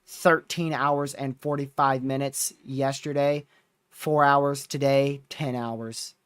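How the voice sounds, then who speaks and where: Exhausted stream guy yawning thru a recap, smooth clean voice, super dry mic. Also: medium pitch, takes it slowly, no room sound. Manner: rambling, relaxed recap with fillers. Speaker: storm chaser livestream host. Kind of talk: casual livestream chat.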